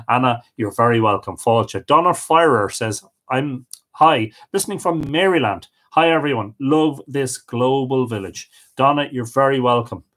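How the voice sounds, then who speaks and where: An Irish man hosting a live stream, reading out viewer comments and greeting each person, sometimes stumbling over unfamiliar names. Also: medium pitch. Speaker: host of a live storytelling stream.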